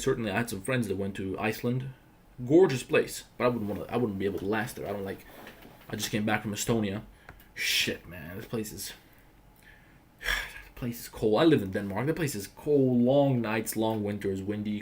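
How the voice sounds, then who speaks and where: A man from the Balkans hosts a casual livestream, firing off quick, blunt answers peppered with swearing. He talks fast and with heavy emphasis, pushing his opinions hard. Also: lowish voice, a little mellow, slight background noise. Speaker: livestream host.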